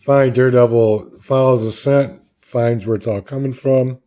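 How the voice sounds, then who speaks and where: A man's voice: medium pitch, steady tone, unhurried, mellow. A man casually retelling the panels of a comic book in a loose, rambling way, as a reviewer.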